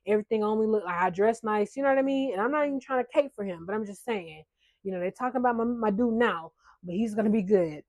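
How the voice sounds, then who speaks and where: A woman's voice: medium pitch, fast talker, darkish tone, no room sound. Chatty woman doing a show recap, sarcastic and cussing, dry close sound. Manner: chatty, blunt and sarcastic, with frequent swearing. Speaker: recap vlogger. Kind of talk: casual reality-show recap.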